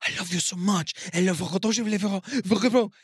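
A man's voice: high voice, normal speed, husky, no echo, studio quality, pitched above the performer's own voice. A man putting on a lovesick French woman. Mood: adoring. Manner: put-on French accent in English. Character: lovesick passionate young French woman, adoring.

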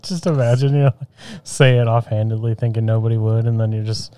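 A man's voice: mid-range voice, steady tone, a little fast, warm tone, no echo. Man co-host, jokey and rambling, dry close recording. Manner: joking, laughs a lot, rambling. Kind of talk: casual chat.

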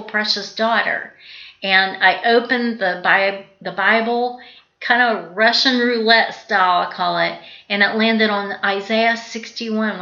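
A middle-aged woman preaching a sermon in an earnest way, slowing down to stress the scripture she quotes. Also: medium pitch, sharp tone, reverberant, highs cut off.

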